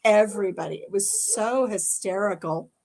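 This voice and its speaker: A woman hosting a live stream, telling funny personal stories in a casual, animated way. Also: medium pitch, normal speed, gravelly. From Iowa. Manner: animated storyteller, acts out her own cries. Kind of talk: casual storytelling chat.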